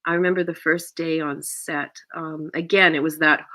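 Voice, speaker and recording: A middle-aged woman actor telling an anecdote in an interview, acting out quoted lines with sudden rises in pitch. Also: steady tone, moderate pace, lo-fi sound. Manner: acts out quoted lines with big pitch jumps and gasps. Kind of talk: animated anecdotal storytelling.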